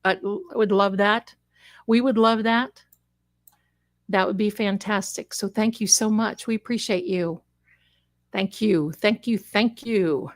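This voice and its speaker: A woman's voice: mid-range voice, fairly even intonation, a little slow, long pauses. A woman hosting a psychic livestream, chatting casually and rambling, calling her viewers "my darlings.". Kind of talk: casual live-stream chat.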